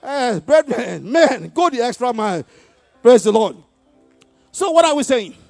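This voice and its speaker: A man preaching a sermon in call-and-response style, having the congregation repeat lines, shifting between loud exhortation and quiet asides with frequent chuckles. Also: extremely high pitch, big pitch swings, a little slow, vocal fry, no room sound, faint music behind.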